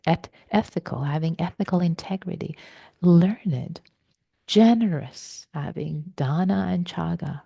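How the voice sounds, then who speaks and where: A woman meditation teacher giving a slow, reflective dharma talk in a soft voice, with some words whispered for stress. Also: deep voice, vocal fry, husky, dry recording.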